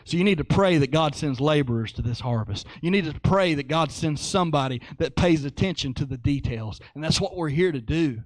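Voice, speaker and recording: A man preaching a sermon in an animated way, repeating phrases for emphasis. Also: on the high side, dry recording.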